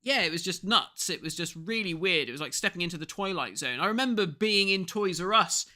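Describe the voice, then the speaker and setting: This English podcast co-host, in his thirties, speaks high and brisk. Chatting casually, he spins animated stories and performs the voices of whoever he's quoting.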